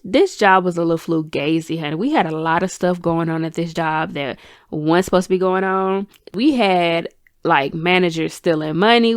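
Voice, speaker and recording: A young woman hosting a podcast, telling a story in an animated, chatty way and calling her listeners y'all and honey. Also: lowish voice, no echo, studio quality. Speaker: podcast host. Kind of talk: casual storytime chat.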